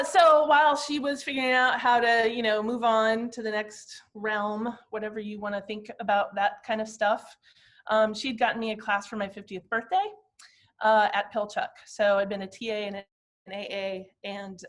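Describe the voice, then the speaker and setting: A woman in her fifties, a glass artist, talking through slides of her own work in a reflective, halting, personal way. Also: mid-range voice, level tone, a bit bright. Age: 50s.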